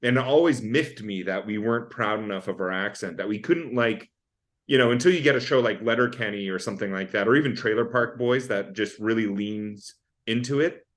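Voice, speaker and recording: Jokey Canadian actor guest, casual. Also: male voice, on the low side, brisk. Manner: jokey, self-deprecating. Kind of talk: casual chat.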